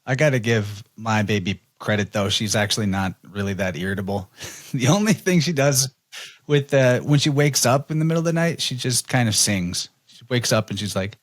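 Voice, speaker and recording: A man's voice: medium pitch, moderate pace. Man, podcast host, casual chat, laid-back, chuckles often, mid-range voice. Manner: laid-back, chuckles often, talks about his baby.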